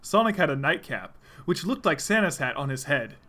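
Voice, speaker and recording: A man reading a fan story aloud in a steady, plain way. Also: a little high, normal speed. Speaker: reader.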